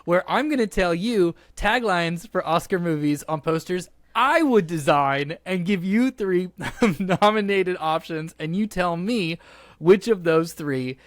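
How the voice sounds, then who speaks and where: A man hosting a casual podcast, playful and quick-witted, hyping up a game like a game-show host. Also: sits high, lively intonation, no room sound, clean studio sound.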